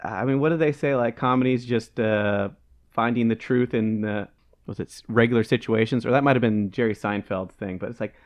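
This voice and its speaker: A man's voice: medium pitch, brisk. A man co-hosting a podcast in casual chat, rambling and hunting for words with lots of fillers. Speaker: podcast co-host.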